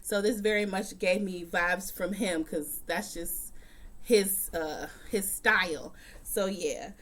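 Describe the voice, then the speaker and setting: A woman's voice: mid-range voice, takes it slowly, fairly bright tone. A woman recapping a TV episode in a casual, chatty vlog from a room at home, talking bluntly and swearing often. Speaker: TV recap vlogger.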